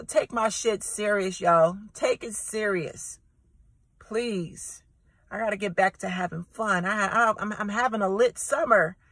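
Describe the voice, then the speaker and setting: A woman's voice: on the high side, pushed and bright, no room sound, poor audio. A woman content creator ranting straight to her viewers in a brash, profane, emphatic way, often repeating herself. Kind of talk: direct-to-camera vlog rant.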